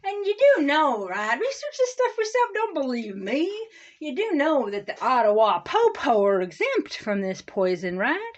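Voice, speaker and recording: High-pitched woman in her forties, fervent preacher, rambling sermon with loud swings; lo-fi muffled sound. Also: very animated, normal speed. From United States. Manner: impassioned, repetitive "okay?" asides, swings from loud to low. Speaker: all-faith pastor. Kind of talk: ranting sermon-style talk.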